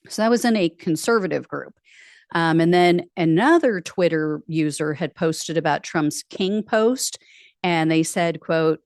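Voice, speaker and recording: A woman hosts a political commentary show in an unhurried, conversational way, dropping wry and sarcastic asides as she reads out posts. Her voice sits on the lower side and is recorded dry and close, with no room sound. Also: lively intonation, no room sound. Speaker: political news show host. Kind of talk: casual political commentary, reading out social media posts.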